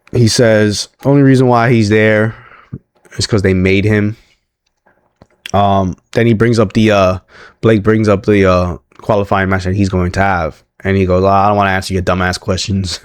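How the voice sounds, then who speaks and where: A man's voice: on the low side, darkish tone, dry recording. A man hosting a casual wrestling recap, rambling with lots of fillers and chuckling asides.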